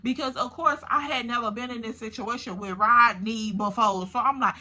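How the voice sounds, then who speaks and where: A woman telling a story to her viewers in a casual, animated way, swearing freely and speaking straight to them. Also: on the high side, normal speed.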